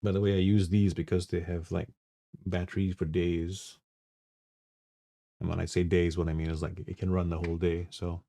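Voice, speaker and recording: A man with a low voice talks through his trades live as the stream's host. His voice has a gravelly fry, and he thinks aloud in a halting way, restarting and trailing off. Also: level tone, dark tone. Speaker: trading livestream host. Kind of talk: live trading commentary.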